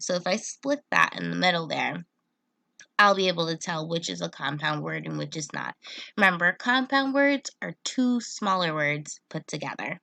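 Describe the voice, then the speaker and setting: A woman's voice: on the low side, expressive, moderate pace, vocal fry, bright, forceful tone. A young woman teacher giving a patient, step-by-step online phonics lesson to children.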